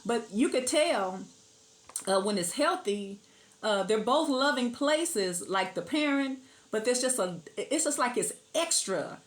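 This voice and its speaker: A middle-aged woman gives a casual tarot reading straight to camera. Her voice sits a little high, and she talks in a loose, chatty way. She laughs often and now and then breaks into a line of song. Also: lively intonation, measured pace. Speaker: tarot reader.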